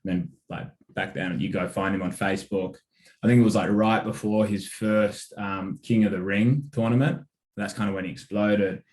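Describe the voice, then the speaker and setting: A man's voice: fairly low pitch, steady tone, moderate pace, darkish tone, echoey room. An Australian man, a sports manager, telling his story in a loose, casual interview, with lots of fillers and the odd swear word. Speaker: sports manager, podcast guest.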